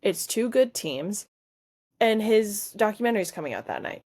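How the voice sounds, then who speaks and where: A woman's voice: medium pitch, animated, normal speed, darkish tone. A woman co-hosting a sports podcast, talking bluntly and with firm opinions in casual chat. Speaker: podcast co-host.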